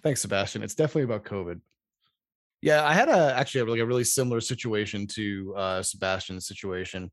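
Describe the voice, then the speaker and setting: A man hosting a casual podcast, telling a rambling, profane story in an animated way. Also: fairly low pitch, quick pace, no echo, studio quality.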